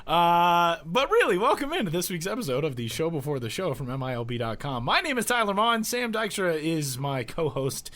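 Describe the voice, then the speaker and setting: Hoarse man hosting a podcast. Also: a little high, sing-song, a little fast, few pauses, a bit bright. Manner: rambling and self-deprecating, many fillers. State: hoarse from a cold with a cough. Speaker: podcast co-host. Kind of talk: casual podcast chat. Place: home.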